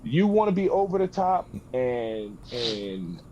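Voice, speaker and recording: A man's voice: mid-range voice, sing-song, takes it slowly, dark tone, muffled recording, a little hiss or hum. Blunt, profane storytelling man. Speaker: podcast co-host. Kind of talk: casual chat.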